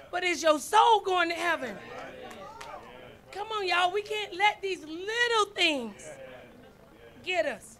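A woman's voice: very high-pitched, expressive, slow pace, pauses often, fairly bright tone, a faint crowd. A woman preaching a sermon, folksy and storytelling, calling out to her congregation. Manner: folksy, storytelling, calls out to congregation with "y'all" and "right?". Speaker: first lady preacher.

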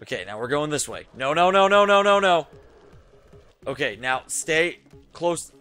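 Young male gaming YouTuber, bright lively voice, frustrated and cursing, slow delivery. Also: on the high side, clean tone, faint music behind. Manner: frustrated, swears a lot, muttering to himself. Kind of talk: let's play commentary.

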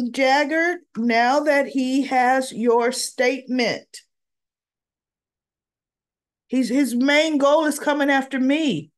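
A woman recapping a daytime soap episode in a casual, chatty way, acting out bits of the dialogue as she retells the scenes. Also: sits high. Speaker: soap opera reviewer.

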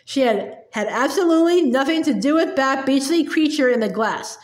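A woman with a high, animated voice reads a children's novel aloud at a normal pace, full of expression. Now and then she stumbles and repeats words, and the room around her is echoey.

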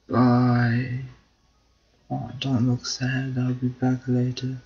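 A man's voice: medium pitch, completely flat delivery, takes it slowly, a little mellow, dull audio. A man doing casual gameplay commentary, cheering on and pleading with his duck in a mock British accent. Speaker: gamer, video host.

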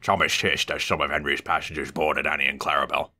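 A man reading a children's story aloud, expressive and animated. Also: rumbling low, quick pace.

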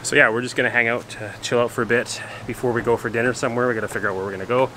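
A man's voice: medium pitch, steady tone, very fast, pushed and bright. A man chatting casually for a travel vlog, easygoing and rambling with lots of fillers, filmed on a handheld camera. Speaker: travel vlogger. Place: outdoors at a beach restaurant and a rental condo. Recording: noisy handheld outdoor audio.

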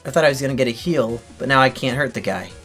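A man's voice: mid-range voice, quick pace, fairly bright tone, soft background music. A man giving let's play commentary on a video game, talking to himself and swearing in frustration. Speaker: gaming streamer.

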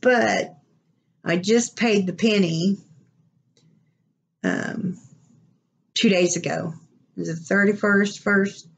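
Slow-talking Oklahoma woman. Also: medium pitch, fairly even intonation, creaky, slightly rough, lo-fi sound. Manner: chatty, rambling, laughs often. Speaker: vlogger. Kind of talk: casual unboxing vlog.

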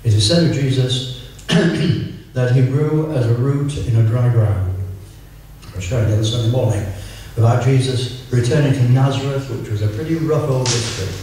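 An older man gives a relaxed sermon in a mellow, low-lit voice. He teases himself and the room, then turns slow and earnest for scripture. His voice is picked up from a distance in a strongly echoing hall. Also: a little hiss or hum. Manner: chatty, self-mocking, slows right down for scripture. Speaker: preacher. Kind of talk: informal sermon. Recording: echoey room, voice from far off.

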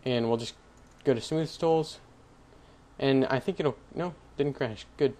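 A man's voice: mid-range voice, unhurried, dark tone. A young man hosting a casual screen-recorded coding tutorial, rambling and correcting himself as he goes. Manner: rambling, self-correcting, chatty with little laughs. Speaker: tutorial host.

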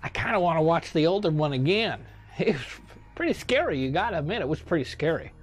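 A man does a comedic in-character gaming commentary as a touchy, self-assured older male statesman, rambling chattily and muttering to himself as he picks cards. His voice is fairly high, sing-song, fairly quick, and breathy, with faint music behind.

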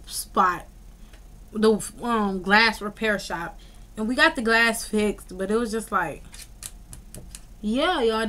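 Animated young woman telling a story. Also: a little high. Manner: animated, slangy storytelling full of "like" and "y'all". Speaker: vlogger. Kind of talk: casual storytime vlog.

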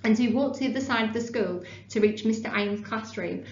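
A woman teacher reading a children's novel aloud to a class in a classroom, stopping briefly to explain it. Her reading is steady. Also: on the high side, quick pace, vocal fry. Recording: roomy room, dull lo-fi sound.

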